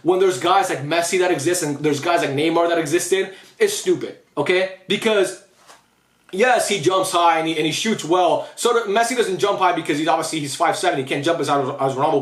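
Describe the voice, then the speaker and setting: A man's voice: fairly high pitch, animated, brisk, roomy sound. A young man giving a blunt, opinionated football rant to camera for his channel, often saying "bro". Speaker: YouTube football commentator.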